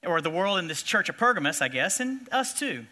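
A man preaching a sermon, telling a story and acting out the shouting people in it. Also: high voice, a little fast. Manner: animated, acts out shouting figures in his stories. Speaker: pastor.

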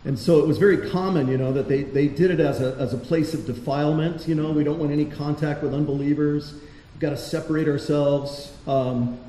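A man's voice: on the high side, fairly even intonation, a little fast, dark tone. A man preaching a sermon in a conversational way, asking his listeners rhetorical questions in a church hall. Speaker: pastor. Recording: roomy hall echo, faint noise.

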